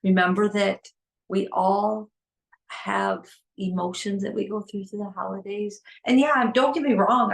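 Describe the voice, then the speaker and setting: A woman's voice: mid-range voice, gravelly. A middle-aged woman hosting a heartfelt solo podcast, talking earnestly and pleading, repeating phrases for emphasis. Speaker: podcast host.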